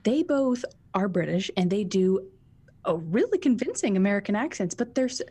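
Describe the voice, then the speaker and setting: A woman co-hosting a podcast, chatting casually in quick bursts with giggles and restarts. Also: mid-range voice, very animated, mellow, slightly rough. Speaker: podcast co-host. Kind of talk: casual chat.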